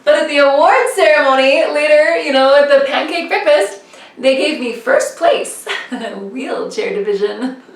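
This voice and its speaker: A woman in her thirties telling a personal story in a casual, animated way, full of "like" and "you know". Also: high voice, a little slow, echoey room, recorded from a distance. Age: 30s. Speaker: motivational vlogger.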